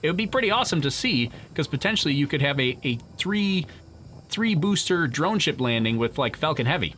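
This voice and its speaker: Man, livestream host, casual chat, chatty and rambling, tense bright tone. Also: on the high side, animated, brisk, slight background noise. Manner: chatty, rambling, laughs often, many restarts. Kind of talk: casual live commentary reading chat.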